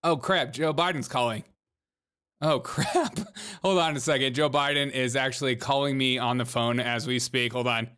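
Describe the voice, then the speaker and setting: A man from South Carolina with a Southern accent, hosting a comedic news podcast with fast, sarcastic asides. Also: mid-range voice, steady tone, pushed and bright, clean tone. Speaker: podcast host.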